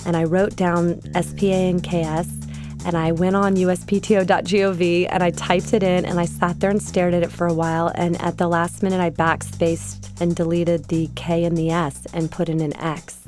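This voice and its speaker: A middle-aged woman telling her founder story in an interview, lively and anecdotal. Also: fairly low pitch, moderate pace, over music. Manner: lively anecdotal storytelling, quotes herself and others. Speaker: guest, company founder.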